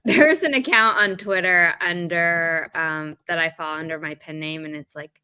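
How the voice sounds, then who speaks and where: A woman's voice: lowish voice, moderate pace, bright, forceful tone, smooth, no echo. A woman guest author chatting on a livestream, telling stories with many "like" fillers. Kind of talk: casual livestream chat.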